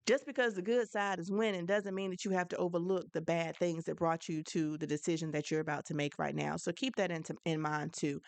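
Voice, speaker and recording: A woman's voice: lowish voice, steady tone, brisk, gravelly, hardly any pauses, clean tone, no room sound. A woman hosting a solo advice podcast, talking frankly and conversationally, with a preachy edge. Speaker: podcast host.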